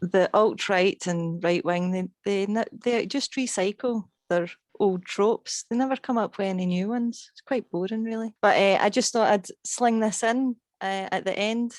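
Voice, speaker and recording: A woman's voice: mid-range voice, normal speed, hardly any pauses, no room sound, clean studio sound. A woman with a Glaswegian accent co-hosting a podcast, talking politics in a wry, jokey way. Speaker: podcast co-host. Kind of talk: casual political chat.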